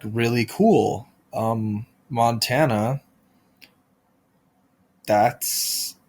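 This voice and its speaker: Slow, rambling man doing deadpan comedy. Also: medium pitch. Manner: rambling, halting, full of restarts and absurd tangents. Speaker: podcast host.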